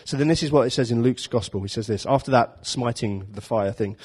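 A man delivers a relaxed, conversational sermon. He tells the story with jokes and slips into little acted-out voices for the characters, keeping it light and chatty. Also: medium pitch, a little fast, breathy edge. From London. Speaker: preacher. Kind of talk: informal sermon.

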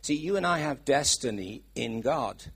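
A man's voice: mid-range voice, expressive, normal speed, gravelly, a bit bright, breathy edge. A middle-aged man with a Welsh accent preaching a sermon, chatty and asking his listeners questions. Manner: chatty, asks the congregation questions.

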